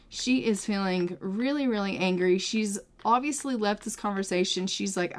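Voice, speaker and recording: A woman's voice: mid-range voice, normal speed, hardly any pauses. A woman narrating her life-simulation gameplay, chatty and dramatizing what the characters say. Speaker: let's play narrator. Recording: game chatter in background.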